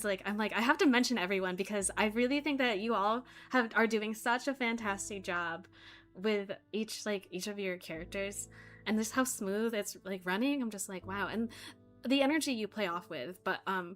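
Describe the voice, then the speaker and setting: A chatty woman gushes over her castmates on a home mic, her voice bright and forward. She rambles with plenty of fillers, and soft music runs faintly underneath. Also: mid-range voice. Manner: gushing, chatty, many fillers. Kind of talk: casual chat among voice actors.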